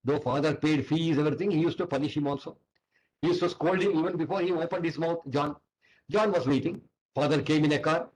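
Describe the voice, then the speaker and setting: A man's voice: fairly high pitch, fairly quick, a little mellow, low-quality recording. A man with an Indian English accent giving a seminar lecture, telling an anecdote and acting out the characters' lines. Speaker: seminar speaker. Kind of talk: storytelling lecture.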